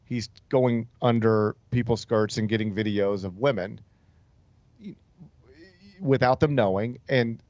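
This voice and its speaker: A man's voice: on the low side, steady tone, unhurried, pauses often, a little mellow, no echo, muffled recording. A male talk show host telling a story in a casual, rambling way, with many fillers and restarts. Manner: loose, rambling delivery full of "like" and "um", with frequent restarts. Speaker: sports radio host.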